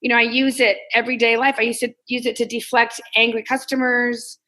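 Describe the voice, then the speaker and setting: Interview guest: Texan woman stand-up comic and coach, frank and lively. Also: fairly high pitch, a little fast, rough recording. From Texas, US South. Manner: candid, animated, acts out quoted self-talk. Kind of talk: casual interview conversation.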